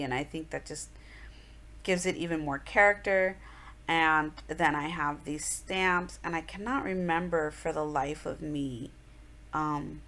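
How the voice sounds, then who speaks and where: A woman's voice: low voice, a bit bright. A woman in her thirties, chatting through an art journal tutorial in a rambling, casual voice-over with many fillers.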